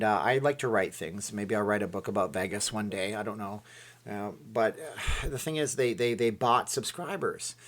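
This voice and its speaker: A man's voice: lowish voice, a bit bright. Rambling man chatting live. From Saskatchewan, Canada. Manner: rambling, chatty, reacts to viewer comments. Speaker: channel host. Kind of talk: casual live-stream chat.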